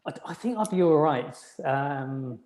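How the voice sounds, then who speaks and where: A man, chatting casually as an interview guest, relaxed and self-deprecating with frequent restarts. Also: a little high, measured pace. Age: 30s. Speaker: podiatrist guest.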